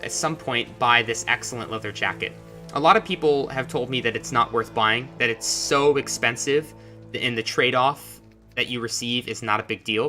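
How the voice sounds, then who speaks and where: A man talks through a video game playthrough in a relaxed, chatty way, drifting into musing asides. His voice is sharp and bright at a middling pitch. Faint game music plays underneath. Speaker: gameplay commentator. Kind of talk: casual let's-play commentary.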